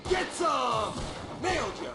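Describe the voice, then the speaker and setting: An actor playing a possessed, violent man who shouts taunts during a fight in a video game. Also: very high voice, big pitch swings, slow, creaky, reverberant, loud music behind the voice, exaggerated voice. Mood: taunting.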